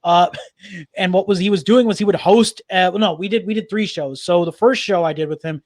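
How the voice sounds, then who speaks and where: High-voiced enthusiastic comedian, dry sound. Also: male voice, moderate pace, darkish tone, no echo. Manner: rambling, enthusiastic, many restarts. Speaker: guest comedian. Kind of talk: casual interview chat.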